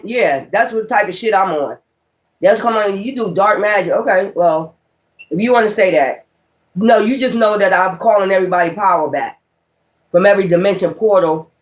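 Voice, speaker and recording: A man's voice: high voice, moderate pace. A man, a tarot reader, talking in a rambling, profane and emphatic way in a casual spiritual vlog monologue.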